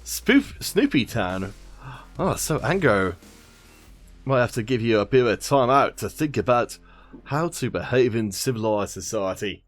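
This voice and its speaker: A man casting a mobile game stream, greeting chat viewers by name and joking at his own expense. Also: medium pitch. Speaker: esports stream caster. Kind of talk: casual stream commentary.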